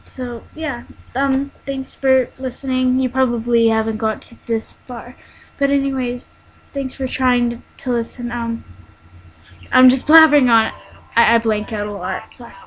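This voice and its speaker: A teenage girl telling a personal story in a vlog, halting and rambling, with many fillers and restarts. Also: fairly high pitch, flat delivery, poor audio. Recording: faint background noise.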